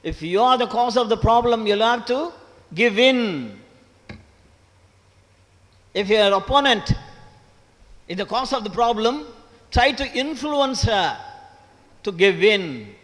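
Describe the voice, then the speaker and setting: In a slow, animated delivery with long pauses, a man in his seventies speaks high and a bit bright to college students as a guest lecturer. Formerly an English professor from Tamil Nadu, India, he has a Tamil Indian English accent, stresses each syllable, repeats key ideas, and quizzes the audience, all echoing with long hall reverb in the auditorium.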